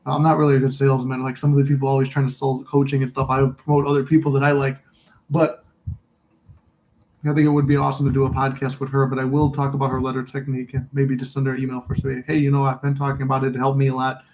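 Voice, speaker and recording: A man's voice: medium pitch, completely flat delivery, quick pace, a little mellow, low-quality recording. A man hosting a casual livestream, talking candidly in a rambling way, cursing freely and reading out and answering viewer comments. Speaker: livestream host.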